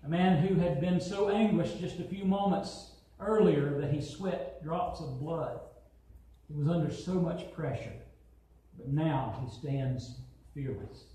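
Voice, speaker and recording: Echoey, high-voiced preacher in a hall. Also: male voice, a little slow, mellow, far from the mic. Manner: preaching, acts out quotes, builds emphasis. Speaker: pastor. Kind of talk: sermon. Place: church sanctuary.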